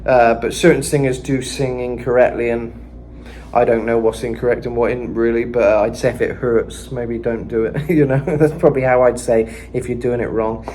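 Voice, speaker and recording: A man's voice: medium pitch, flat delivery, normal speed, darkish tone, slight background noise. A man giving a casual vocal lesson, talking loosely with lots of "kinda" and "you know.". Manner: breaks into screamed metal demos. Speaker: vocal coach.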